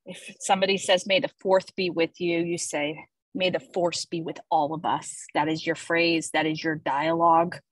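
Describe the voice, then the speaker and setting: A woman's voice: on the low side, slightly rough, dry recording, low-quality recording. A woman hosting a casual video call, presenting the week's content playfully and enthusiastically with jokey asides. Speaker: host presenting weekly social media content.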